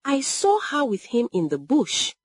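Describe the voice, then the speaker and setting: A woman voicing a young sister who cries loudly while accusing her sibling in a story. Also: fairly high pitch, huge pitch swings, unhurried, slightly rough, no echo, pitched above the performer's own voice, full character voice. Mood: crying. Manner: crying, accusing.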